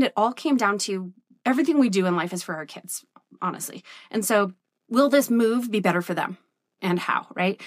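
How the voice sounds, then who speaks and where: A woman's voice: mid-range voice, no room sound. Chatty woman vlogging on a dry close mic. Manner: candid, chatty, peppered with "like" and "right?". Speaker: business coach and vlogger. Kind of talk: casual direct-to-camera vlog.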